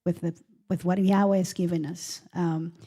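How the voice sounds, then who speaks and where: A woman from the congregation speaking at the podium, gentle and hesitant, grateful, with many pauses and ums. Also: fairly low pitch, flat delivery, breathy edge. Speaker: congregation member. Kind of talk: testimony at the podium.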